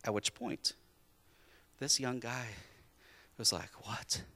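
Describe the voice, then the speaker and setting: A man's voice: medium pitch, slow pace, pushed and bright, long reverb tail. A male pastor preaching a sermon in a church, emphatic and repeating his key phrases.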